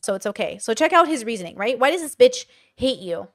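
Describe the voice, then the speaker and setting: A woman's voice: fairly high pitch, big pitch swings, fairly quick. A woman streaming live, explaining herself in an earnest, defensive, lecturing way.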